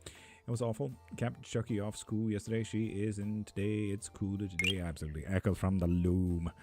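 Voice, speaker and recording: A man's voice: on the low side, flat delivery, fairly quick, darkish tone, soft background music. A man chatting on a live stream as a tarot reader, reading out viewer comments, casual and sweary with frequent laughs. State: hot and sticky.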